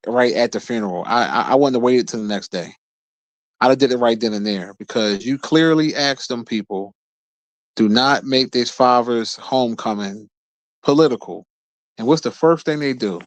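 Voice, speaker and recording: A man's voice: medium pitch, normal speed, no echo. Blunt, profane man in a dry room. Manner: blunt, profane, repeats words when starting sentences. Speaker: streamer host. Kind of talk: casual live-stream commentary.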